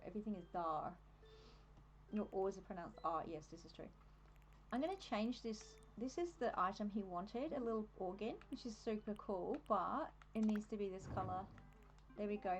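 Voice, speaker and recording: A woman's voice: mid-range voice, animated, fairly quick, a little hiss or hum, rough recording. A young adult woman with an Australian accent, chatting casually on a live stream while decorating in a game, easily distracted and laughing often.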